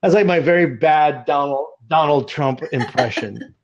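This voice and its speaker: Lively male co-host, high voice, joking and rambling, lo-fi recording. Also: moderate pace, a little hiss or hum. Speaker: podcast co-host. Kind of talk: casual chat.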